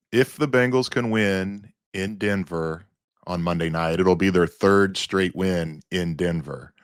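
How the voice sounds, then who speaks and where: A man's voice: low voice, no room sound, clean studio sound. A man with a Midwestern American accent co-hosting a sports podcast, easygoing and posing trivia to his partner. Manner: easygoing, laughs along, quizzes his co-host. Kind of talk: casual sports podcast chat.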